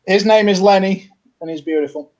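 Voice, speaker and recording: Man, comedian, panel guest, easygoing, casual chat, slightly high pitch. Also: a little fast, a little mellow.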